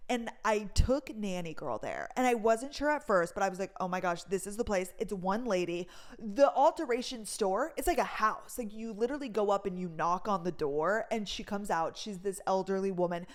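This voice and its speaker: A woman's voice: medium pitch, animated, normal speed. A young woman from North Dakota chatting casually in a rambling voice-memo style, filling her talk with "like". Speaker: vlogger.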